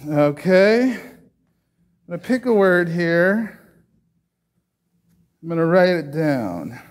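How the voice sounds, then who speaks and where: A man's voice: high-pitched, sing-song, slow pace. A man preaching a casual sermon, chatting and joking with the congregation while doing a trick.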